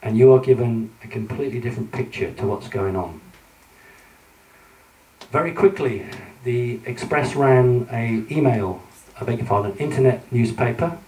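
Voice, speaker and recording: A man with a mellow, average-pitched voice addresses a live audience from the front of a room, talking through his slides in a loose, conversational way. He stumbles and restarts often, filling the gaps with ums. The mic sits some distance away in a roomy hall. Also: normal speed. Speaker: public speaker lecturing with slides.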